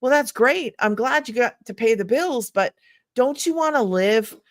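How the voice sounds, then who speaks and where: A woman's voice: on the high side, animated, moderate pace, no echo, clean studio sound. A middle-aged woman talking to camera in a casual testimonial, earnest and emphatic, rambling as she goes. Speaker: online business vlogger.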